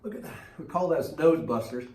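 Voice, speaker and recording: A man leads a circuit workout, demonstrating as he talks and repeating cues about form and timing while slightly winded. His voice is on the high side, warm and expressive, at a fairly quick pace, recorded from a distance in a room with echo.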